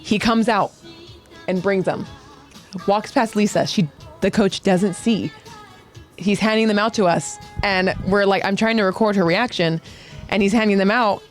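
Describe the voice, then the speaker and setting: Woman co-host, lively casual storyteller who swears and plays out the quotes; soft music under her. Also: mid-range voice, normal speed, long pauses. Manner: animated, swears freely, acts out quotes. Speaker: podcast co-host.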